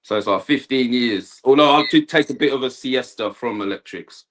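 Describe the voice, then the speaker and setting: A man's voice: medium pitch, moderate pace. A man, an electrician chatting casually on a livestream, laughing often and asking "do you know what I mean". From Kent, England. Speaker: guest electrician.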